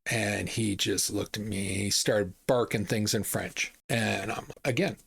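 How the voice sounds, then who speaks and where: A man's voice: lowish voice, normal speed, gravelly, few pauses, fairly bright tone, breathy edge. A middle-aged man from Alberta, telling a personal story in a casual, indignant and profane way. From Alberta, Canada. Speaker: channel host.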